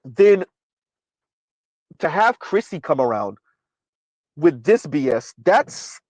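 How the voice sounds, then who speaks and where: A man's voice: on the high side, sing-song, slow, darkish tone, no echo, poor audio. A man from the United States, hosting a livestream commentary and reading out chat, emphatic and asking "right?" again and again. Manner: emphatic, repeats "right?" often. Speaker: commentary channel host.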